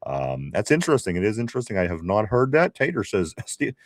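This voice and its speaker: A man's voice: on the low side, big pitch swings, fairly quick, dry recording, clean studio sound. A man co-hosting a casual live stream, reading viewer comments aloud with laughs, restarts and teasing.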